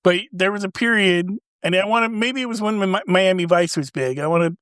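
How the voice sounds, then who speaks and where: A man's voice: high voice, brisk, a bit bright, clear, resonant tone, no echo, studio quality. A man in his forties co-hosting a casual chat, rambling, trailing off mid-sentence and laughing often. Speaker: podcast co-host.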